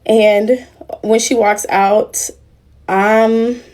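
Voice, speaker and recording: A woman's voice: a little high, little pitch movement, drawn-out words, a little mellow. A young woman on a casual livestream, talking emotionally and in a rambling way straight to her viewers. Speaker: livestream host.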